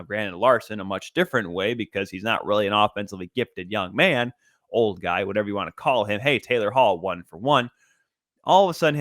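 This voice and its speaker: A man hosting a solo podcast, recapping games in an energetic, chatty play-by-play way with frequent asides and restarts. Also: mid-range voice, no room sound, clean studio sound. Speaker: podcast host.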